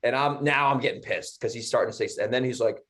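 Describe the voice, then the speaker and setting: Guy ranting thru a story, lots of swearing, mid pitch, acts out the other people. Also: quick pace, fairly bright tone. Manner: heated, profane, mimicking others. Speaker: podcast co-host. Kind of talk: casual storytelling.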